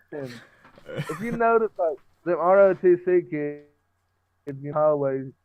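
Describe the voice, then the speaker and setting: A man's voice: on the high side, lively intonation, slow pace, darkish tone. A young man telling stories as a podcast guest in a brash, profane way, laughing through them. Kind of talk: casual storytelling with frequent laughter. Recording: dry, phone-like lo-fi audio.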